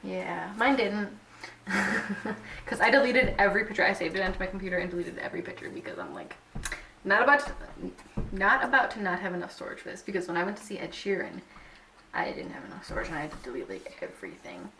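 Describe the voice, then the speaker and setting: A young woman vlogger recounting a concert in casual chat, full of "like" and quick laughs. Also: mid-range voice, very animated, sharp tone, a little hiss or hum. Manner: chatty, fillers of "like", giggly. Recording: echoey room, a bit far from mic.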